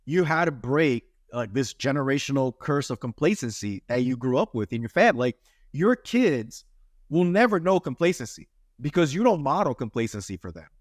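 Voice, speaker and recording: Male podcast host, 30s, earnest and preachy, lively pitch, dry close sound. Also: a little fast, dry recording. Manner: earnest, preachy, lots of "right?" tags. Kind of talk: casual interview chat.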